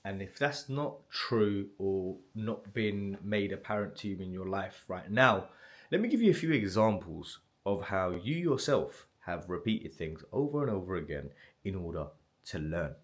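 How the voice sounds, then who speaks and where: A man's voice: low-pitched, sing-song, moderate pace. A man giving a blunt, casual motivational talk straight to the viewer, swearing freely and often asking "right?". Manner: blunt and swearing, direct address with frequent "right?". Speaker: motivational self-improvement creator.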